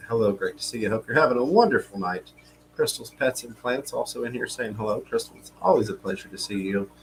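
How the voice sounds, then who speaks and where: A man co-hosting a casual live stream, talking in a relaxed way with many fillers and reading viewer comments aloud. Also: fairly low pitch, slight background noise, rough recording. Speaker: livestream co-host.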